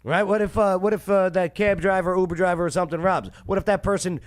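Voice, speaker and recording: A man's voice: sits high, steady tone, fast talker. A man hosting a show, giving casual, sarcastic commentary on a news clip and repeating phrases for emphasis. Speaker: show host.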